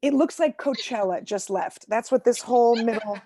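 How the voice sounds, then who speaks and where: A woman in her forties doing a stand-up comedy set over a video call from home, self-mocking and animated, acting out voices and shouting punchlines. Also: on the high side, normal speed, slight background noise.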